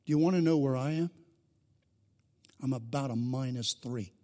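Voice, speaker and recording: A man's voice: mid-range voice, normal speed, dark tone. A middle-aged male pastor delivering a sermon, earnest and building to fervent emphasis.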